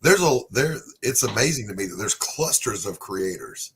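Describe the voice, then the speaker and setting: A man hosting a casual live chat, talkative and quick to laugh. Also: on the low side, big pitch swings, crowd noise. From Southern United States. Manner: chatty, laughs easily. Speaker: livestream host.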